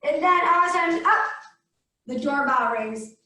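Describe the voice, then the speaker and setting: A woman's voice: sits high, animated, moderate pace, sharp tone. A woman teaching a kids yoga class over a video call, giving playful sing-song cues for the children to repeat. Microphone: laptop video call mic. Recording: roomy echo, far from the mic.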